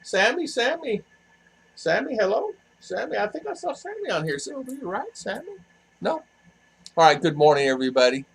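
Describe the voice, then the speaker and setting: A man's voice: high-pitched, very animated, normal speed, creaky, breathy edge, poor audio. An older man hosting a casual livestream, chatty and laughing easily as he greets viewers by name. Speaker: livestream host. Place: home in a cool hill town.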